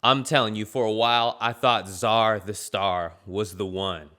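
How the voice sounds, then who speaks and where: Brash, bright-voiced male commentator. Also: on the low side, fairly even intonation, measured pace. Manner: brash, boastful, trash-talking. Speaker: YouTube commentator. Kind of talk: comedic commentary vlog.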